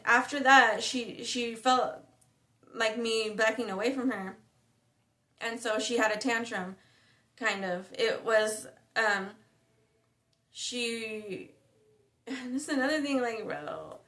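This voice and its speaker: A woman's voice: fairly high pitch, a bit bright. A woman telling a personal story in a casual, rambling way, full of slang, fillers and restarts. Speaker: spiritual vlogger.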